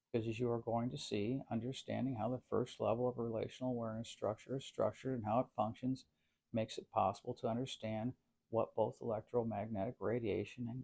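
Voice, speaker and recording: Man narrating slow careful philosophy stuff, gravelly low tone. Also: dark tone. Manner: measured, formal, long winding sentences.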